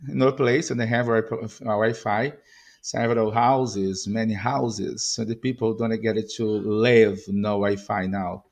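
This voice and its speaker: A medium-pitched man with a Brazilian Portuguese accent teaches English pronunciation. He slowly repeats short model phrases with exaggerated stress and slips into asides in Portuguese.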